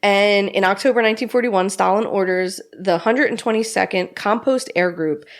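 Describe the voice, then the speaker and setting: A woman's voice: medium pitch, normal speed. A woman hosting a podcast, telling a history story in a chatty, swearing way with frequent laughs. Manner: chatty, swearing, laughs often, puts on mock voices.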